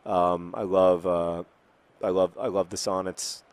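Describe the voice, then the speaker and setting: Male host, 30s, lower voice, rambling self-mocking gameplay chatter with frustrated bursts. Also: flat delivery, unhurried, a little mellow, clean tone. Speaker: host playing a football video game. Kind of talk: casual chat while playing a video game.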